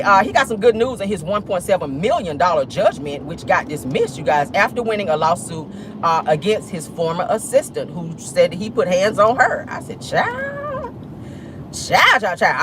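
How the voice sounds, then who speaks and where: A sassy woman tells a story in a casual gossip vlog. Her voice swings from high to low as she talks. A faint hum of road rumble sits under her voice while she drives. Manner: animated, sassy, swearing storyteller. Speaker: host. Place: in a car, driving.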